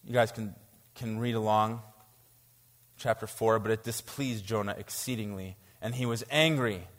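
A man preaching a sermon to a congregation, reading scripture aloud and reacting to it with animated disbelief. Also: on the low side, moderate pace, long reverb tail. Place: church.

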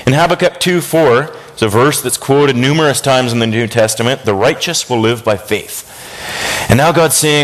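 A man preaching a sermon, swinging between high excited bursts and low hushed tones. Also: moderate pace.

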